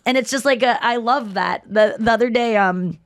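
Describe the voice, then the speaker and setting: At a normal speed, a woman hosting a podcast tells stories casually, cursing freely and performing quotes in a raised voice with animated energy. The sound is clean, echo-free studio audio.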